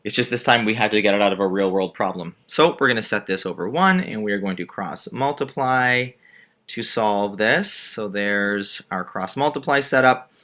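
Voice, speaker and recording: A man's voice: fairly low pitch, normal speed, sharp tone. A male math teacher patiently walking through a word problem step by step while drawing a diagram. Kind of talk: screen-recorded math lesson.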